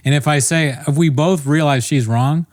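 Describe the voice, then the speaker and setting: A man's voice: on the high side, normal speed, no echo, studio quality. Laughing, swearing man telling a story. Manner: rambling storyteller, swears a lot, laughs at himself. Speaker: podcast co-host. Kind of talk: casual comedic podcast chat.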